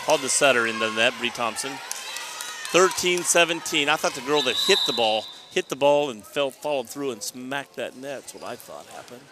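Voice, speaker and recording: A man doing live play-by-play commentary of a high school volleyball match, chatty and rambling, often restarting his sentences. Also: moderate pace, crowd noise. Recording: noisy gym ambience. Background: gym noise, balls bouncing.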